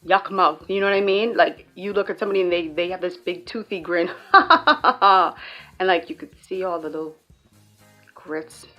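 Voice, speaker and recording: A woman's voice: on the low side, moderate pace, highs cut off, faint music behind. A young woman with a Bahamian accent, explaining slang in a playful, joking vlog. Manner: playful, joking, animated storytelling. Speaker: YouTuber.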